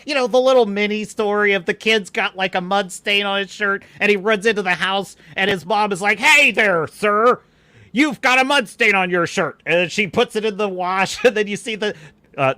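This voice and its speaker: A man's voice: on the high side, bright, forceful tone, dry recording. A man hosting a live-stream commentary show, mocking what he quotes, laughing often and acting out lines of dialogue. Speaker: host.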